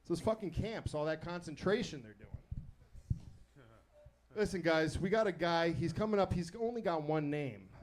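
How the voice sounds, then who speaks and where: A man's voice: fairly high pitch, animated, normal speed. A man hosting a stand-up show, telling profane, edgy jokes between acts and bringing up the next comic. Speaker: comedy show host. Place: comedy club stage.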